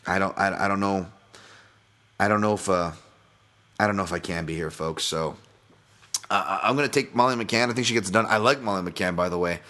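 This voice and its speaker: Deep-voiced and sharp in tone, this Boston man hosts a solo podcast at a brisk clip, pausing often. His talk is casual and rambling, laced with frequent swearing and self-interruptions.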